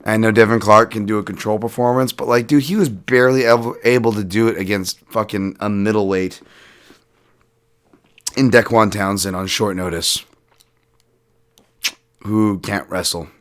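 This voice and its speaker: A man hosting a solo podcast, breaking down fights in a casual, animated way, swearing and laughing as he rambles through asides. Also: lowish voice, normal speed, pauses often. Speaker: podcast host and fight analyst.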